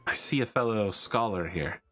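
A man's voice: on the low side, moderate pace, a bit bright. A man playing a tabletop game, chatting playfully with his group. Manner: playful, explains with laughs. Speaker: player.

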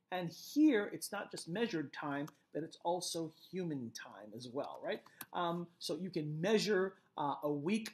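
A man giving a recorded literature lecture, explaining poetic rhythm step by step and often checking in with "right?". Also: a little high. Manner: explanatory, repeats key phrases, frequent "right?"; rhythmic chanting of stress patterns.

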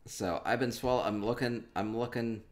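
A man's voice: medium pitch, fairly even intonation, moderate pace. A man giving casual live-stream commentary as he tours player homes in a game, playful and rambling as he thinks aloud.

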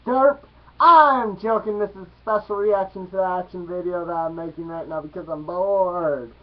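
A young vlogger hosting a casual reaction video, excitable and jokey, breaking into squeals and silly voices. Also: medium pitch, fairly quick. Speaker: YouTube reaction video host. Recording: muffled lo-fi recording.

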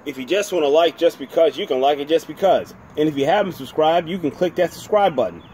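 A man's voice: fairly high pitch, animated, fast, darkish tone, slight background noise. A man from New Jersey, hosting his own whisky review channel, talking in a chatty, rambling, self-deprecating way. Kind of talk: casual home video review.

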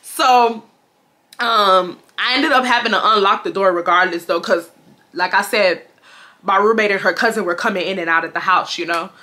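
A woman in her twenties from Houston, telling a storytime vlog in a dramatic, animated way, laughing often and talking straight to her viewers. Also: mid-range voice, normal speed. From Houston, Texas. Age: 20s. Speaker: vlogger.

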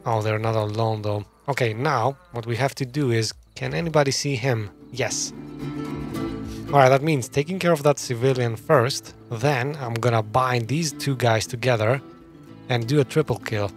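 A man's voice: mid-range voice, moderate pace. Guy talking through his game moves, casual let's-play chat, game music going behind him. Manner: thinking aloud, muttering plans to himself. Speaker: gameplay commentator.

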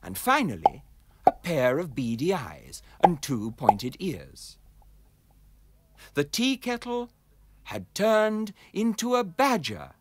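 A man reading a children's fairy tale aloud as narrator, in an expressive, sing-song storytelling manner. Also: a little high, slow, no echo.

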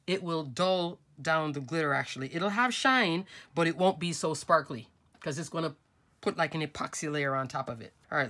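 A woman's voice: deep voice, a bit bright. A woman hosting a craft tutorial, talking casually and instructively while she works step by step with her hands. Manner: chatty, instructive, talks while working with hands.

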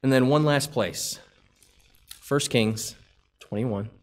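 A man's voice: medium pitch, slow. Preaching man asking pointed questions. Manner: preaching with rhetorical questions, reading scripture aloud. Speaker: pastor. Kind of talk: sermon. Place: church.

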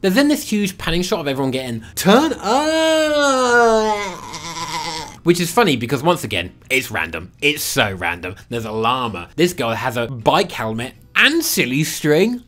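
A young man reviewing a film in a sarcastic comedic commentary, swinging between loud outbursts and muttered asides. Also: mid-range voice, sing-song, brisk, hardly any pauses.

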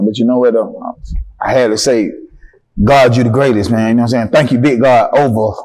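A young Atlanta man with a Southern accent tells a story as a guest in a relaxed interview. His voice sits at an ordinary middle pitch. He talks in a profane, animated way and keeps jumping into the voices of the people in his story. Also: a little fast. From Atlanta, Georgia.

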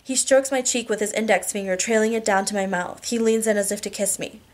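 A woman reads a romance novel aloud in the first person, with a voice at an ordinary middle pitch. Her delivery is steady and even, the sound of a hobby audiobook reading. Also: brisk. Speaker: audiobook reader.

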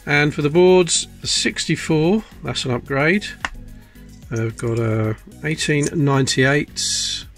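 A man's voice: fairly high pitch, slow, fairly bright tone, soft background music. A man hosting a coin-collecting video, chatting casually and muttering to himself as he sorts pennies. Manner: chatty, self-mocking, muttering as he looks closely. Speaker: coin collecting channel host. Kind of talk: casual commentary while sorting coins.

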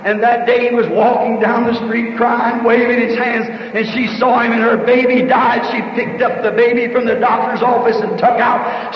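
Preacher, high voice, folksy storytelling that breaks into shouts, dull old tape from a big hall. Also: male voice, flat delivery, normal speed, few pauses. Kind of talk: sermon with storytelling. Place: large meeting hall.

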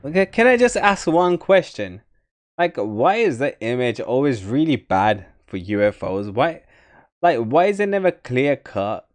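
A man's voice: mid-range voice, measured pace. A man hosting a reaction video, exclaiming and rambling in casual commentary. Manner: excitable, rambling, exclaims often.

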